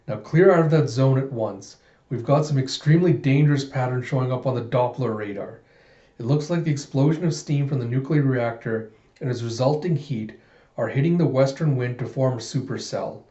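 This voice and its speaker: A man's voice: mid-range voice, fairly quick, warm tone, echoey room, highs cut off, close to an everyday voice. A man voicing a stern, cold-blooded male director who barks orders over an intercom. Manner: cold, commanding.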